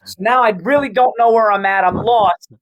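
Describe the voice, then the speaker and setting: Brief: high-pitched male comic guest, animated rapid storyteller, swears freely. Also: rough recording. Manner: animated, quick and profane, lots of restarts. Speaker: comedian guest. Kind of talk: casual comedic storytelling.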